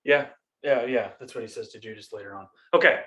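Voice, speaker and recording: Young man, bright tone, casual Bible chat, joking, reads verses aloud. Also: mid-range voice, a little fast, muffled recording. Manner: joking, reads scripture aloud between banter. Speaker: podcast co-host.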